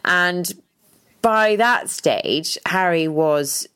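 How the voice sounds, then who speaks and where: Woman, podcast co-host, low voice, animated storytelling, restarts often. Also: very slow, clean tone. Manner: animated, dramatic retelling with restarts. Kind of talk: casual storytelling chat.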